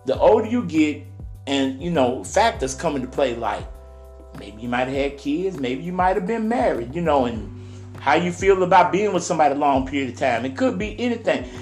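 A man on a podcast rants in a fired-up, emphatic way and stretches out the words he wants to land. His voice sits a touch high. The room is echoey, with faint music behind him. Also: sing-song, a little mellow. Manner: heated, cussing, drawn-out emphatic delivery. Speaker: podcast co-host. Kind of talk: casual podcast chat, ranting.

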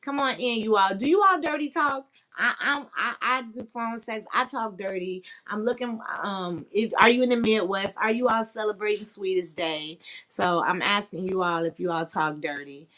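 A woman's voice: medium pitch, moderate pace, fairly bright tone. A woman hosting a podcast and chatting casually with listeners, talking in a blunt, explicit, candid and playful way. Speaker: podcast host. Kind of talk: frank casual live chat.

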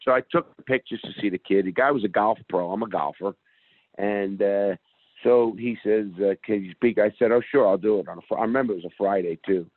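A man's voice: fairly low pitch, brisk, no room sound. A middle-aged man guest telling a story in an interview in a blunt, streetwise way. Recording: phone-like call audio.

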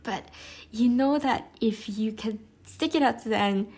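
A woman's voice: on the high side, a little slow, a little mellow, husky. A woman in casual chat, gushing enthusiastically about a podcast she loves, rambling with lots of fillers, restarts and laughs. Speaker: podcast reviewer.

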